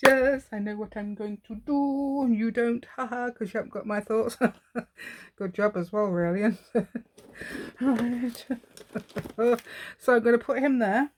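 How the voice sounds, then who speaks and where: A woman's voice: a little high, darkish tone, slight background noise. A woman giving a chatty craft demonstration at home, rambling and talking to herself while she works.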